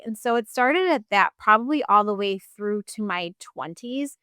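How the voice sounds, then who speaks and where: A woman's voice: medium pitch, brisk, hardly any pauses, fairly bright tone, clean tone, no room sound, clean studio sound. A woman in her thirties, a podcast guest telling her personal story in a casual, chatty way full of fillers.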